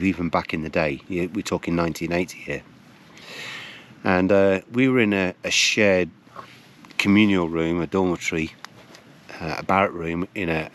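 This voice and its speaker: An older man spins a wry, dramatic anecdote at an unhurried pace, with long pauses. His voice sits very low, and there is a faint hum of noise behind him. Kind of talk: casual anecdote telling.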